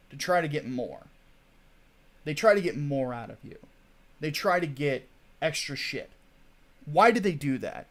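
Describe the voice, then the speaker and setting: A man hosting a casual livestream, ranting in a chatty, digressive way and swearing freely. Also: a little high. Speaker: host.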